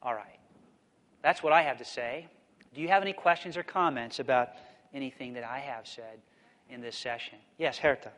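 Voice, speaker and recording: A man giving a theology lecture and answering questions, explaining in a thoughtful, measured way. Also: mid-range voice, a bit bright, long reverb tail.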